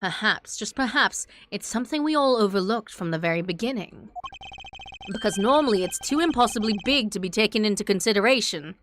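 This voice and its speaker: A woman voicing a calm, pompous male prosecutor who lays out deductions in a measured, deliberate way. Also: mid-range voice, a little hiss or hum, natural voice.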